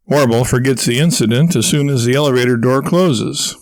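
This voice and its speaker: A man's voice: mid-range voice, fairly quick, few pauses, no echo. Man reading a comic novel aloud. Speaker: audiobook narrator. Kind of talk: scripted narration.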